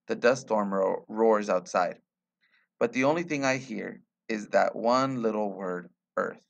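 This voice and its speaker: A man reading a short story aloud in a quiet, measured way. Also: lowish voice, vocal fry, lo-fi sound. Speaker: reader.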